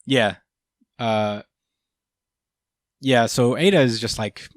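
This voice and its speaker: A man's voice: medium pitch, slow, long pauses, dry recording, clean studio sound. A young man hosting a podcast, recapping a chapter in rambling casual chat with many fillers and casual swearing. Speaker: podcast host.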